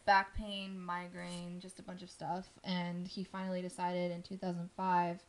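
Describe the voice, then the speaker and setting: A woman's voice: lowish voice, monotone, normal speed. A woman casually telling a spooky story on a podcast, rambling with lots of ums and likes.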